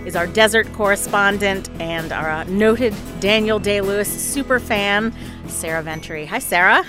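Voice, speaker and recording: Woman, podcast host, brisk presenting, music behind. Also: mid-range voice. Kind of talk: hosting a podcast.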